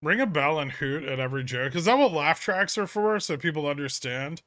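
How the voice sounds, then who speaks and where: A man's voice: a little high, animated, brisk, bright, forceful tone, no echo. A man hosting a casual trading livestream, reading chat questions and answering with dry, sarcastic humor. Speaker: livestream host.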